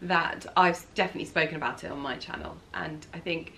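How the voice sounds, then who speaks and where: A woman's voice: low voice, fairly even intonation, fast, gravelly, pushed and bright, slight background noise. A woman casually chatting with her husband at home, telling stories and laughing. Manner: storytelling, laughing as she talks. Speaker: co-host, wife. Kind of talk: casual couple Q&A chat.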